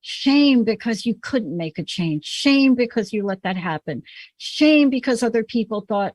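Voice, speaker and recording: A woman's voice: a little high, lively intonation, a little slow, dry recording. A woman host from the Bronx with a New York accent, talking emphatically and telling personal stories in a conversational show. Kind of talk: conversational podcast talk.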